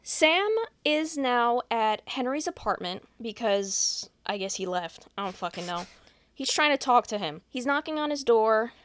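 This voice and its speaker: A woman on a podcast recaps a film scene by scene in a casual, swearing, deadpan way. Her voice sits somewhat high, and the sound is close and dry with no room echo. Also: a little slow, smooth. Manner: profane, deadpan plot retelling. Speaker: podcast host. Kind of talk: casual movie recap chat.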